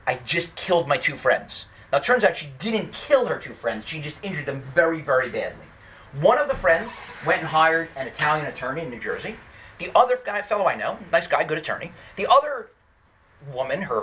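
Animated storytelling lawyer, fast and fairly high-voiced, keeps restarting sentences. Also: male voice, slight background noise. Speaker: personal injury lawyer giving a talk. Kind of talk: storytelling lecture.

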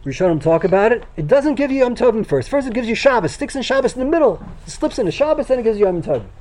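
An older man gives a Torah lecture in a high, quick voice. He gushes with excitement and often stumbles, restarting and repeating words as he rushes ahead. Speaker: rabbi teaching a Torah class.

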